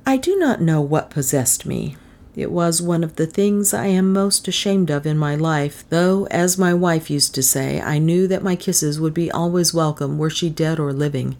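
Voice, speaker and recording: A woman reading a classic novel aloud as an audiobook narrator, in a measured, even storytelling manner. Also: deep voice.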